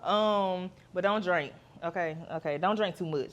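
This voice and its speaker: A woman's voice: on the low side, a little slow, few pauses, slight background noise. A woman, hosting a podcast in a candid, chatty monologue with playful asides. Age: 30s. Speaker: podcast host.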